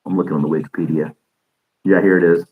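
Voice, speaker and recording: Very low-voiced male podcast host, loose rambling chat, frequent chuckles. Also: steady tone, fast, phone-quality sound. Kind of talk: casual live-stream chat. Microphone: desk microphone.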